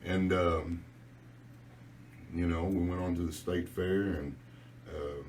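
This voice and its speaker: Deep-voiced man, rambling. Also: fairly even intonation, distant mic, a little hiss or hum. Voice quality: deep, dark voice. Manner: rambling, halting with many fillers. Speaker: musician guest. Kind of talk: casual radio interview. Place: radio studio.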